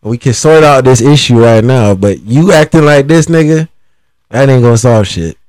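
A man hosting a podcast, telling a story in an animated, swearing way. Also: medium pitch, moderate pace, no echo. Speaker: podcast host. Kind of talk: casual storytelling.

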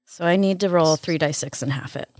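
A woman's voice: low voice, brisk, a little mellow, no echo, studio quality. A woman playing a tabletop game, gleeful and blunt, laughing often. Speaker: player. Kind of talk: casual tabletop game chat.

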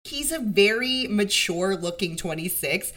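A woman's voice: medium pitch, measured pace. A woman co-hosting a podcast, chatting casually and acting out characters' lines as she recaps an episode. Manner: animated, acts out characters' lines, swears. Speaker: podcast co-host.

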